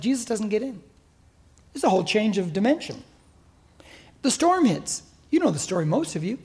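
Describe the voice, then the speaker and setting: Older man, American accent, pastor, sermon, husky voice, emphatic exhortation, church. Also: high voice, lively intonation, moderate pace, a little mellow. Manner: emphatic, exhorting, mimics listeners' excuses.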